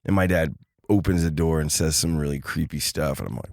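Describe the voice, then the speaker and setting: Deep-voiced man telling a story. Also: brisk, vocal fry, no echo, clean studio sound. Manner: animated storyteller acting out quoted voices. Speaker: podcast guest. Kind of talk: casual storytelling.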